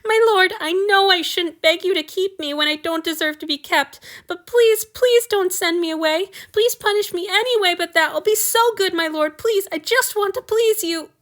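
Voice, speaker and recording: A woman's voice: expressive, moderate pace. A woman reading an audiobook, voicing a tearful, eager young male sacrifice who pleads breathlessly. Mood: pleading tearful. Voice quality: pleading, breathless, high-pitched. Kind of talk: audiobook fan fiction reading.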